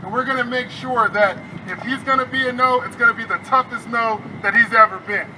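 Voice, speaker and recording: A man's voice: very high-pitched, brisk, very noisy. A man, a state legislator, giving a fiery, rousing rally speech outdoors while frustrated.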